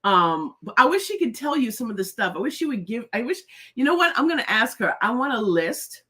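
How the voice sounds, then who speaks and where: A woman's voice: on the high side, very animated, brisk, pushed and bright, breathy edge. A middle-aged woman hosting a casual live stream, chatty and laughing often as she greets viewers by name. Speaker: host.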